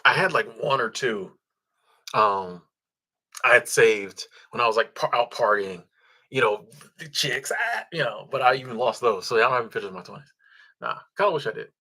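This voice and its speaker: A livestream host reads viewer comments and thanks supporters in a relaxed, chuckling manner, with lots of ums and restarts. His voice is medium-pitched, expressive and a little fast, sharp in tone with a breathy edge.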